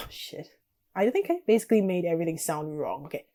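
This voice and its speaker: A woman's voice: lowish voice, very animated, fairly quick, mellow. A young woman reading a text-based game aloud and chatting through her choices as a YouTuber.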